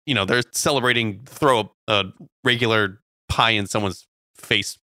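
A man's voice: on the low side, normal speed, pushed and bright, dry recording, studio quality. A man co-hosting a casual, comedic food chat, reading out facts with playful jokey asides and frequent laughter. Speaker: podcast co-host.

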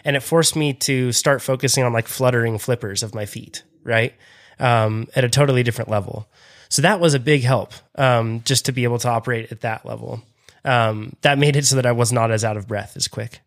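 A man's voice: medium pitch, fairly even intonation, brisk. Chatty man with lots of fillers. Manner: chatty, laughs often, many fillers. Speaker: podcast co-host. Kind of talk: casual chat.

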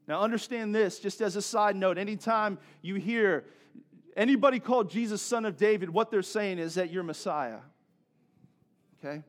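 A man's voice: high voice, normal speed. A male pastor giving a sermon in a conversational way, with joking asides and questions to the congregation.

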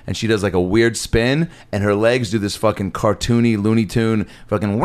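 A man co-hosting a podcast, telling an animated, profane story with laughter in casual chat. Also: fairly low pitch, moderate pace, hardly any pauses. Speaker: podcast co-host.

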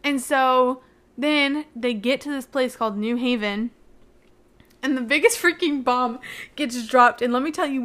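A young woman casually recapping a book, talking excitedly and filling her sentences with "like" while she avoids spoilers. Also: fairly high pitch, normal speed. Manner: chatty, heavy use of "like" fillers. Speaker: book reviewer.

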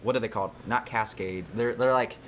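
A young man in casual chat, talking fast and chiming in eagerly. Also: lowish voice, a little hiss or hum.

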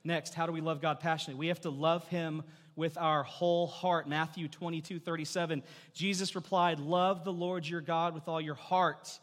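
Earnest pastor guy preaching, slightly high voice, keeps saying and and, long echo in the church. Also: flat delivery, normal speed, fairly bright tone. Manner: earnest, stammering restarts, asks the congregation questions. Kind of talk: sermon.

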